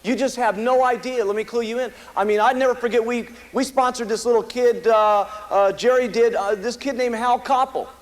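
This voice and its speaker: With a very high voice, fairly even intonation, and a brisk pace with few pauses, an American man speaks at a company meeting as its founder. He gives the live audience an emphatic, repetitive motivational speech with stories. The low-quality recording carries a little hiss or hum.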